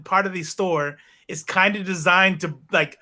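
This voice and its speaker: A young man with a high, bright voice cracks crude jokes in a casual chat, laughing between lines. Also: steady tone, measured pace.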